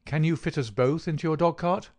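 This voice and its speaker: A man's voice: fairly high pitch, a little mellow, pitched above the performer's own voice, lightly acted. A man voicing a precise, reserved male detective in an audiobook reading. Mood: urgent. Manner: measured, precise. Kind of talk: audiobook character voice.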